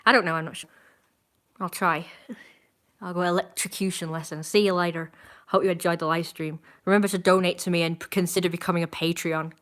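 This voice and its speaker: A woman's voice: lowish voice, steady tone, fairly quick, a bit bright. A young woman, chatting casually and teasing her viewers during a live stream from home. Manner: playful, teasing, rambling. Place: indoors at home.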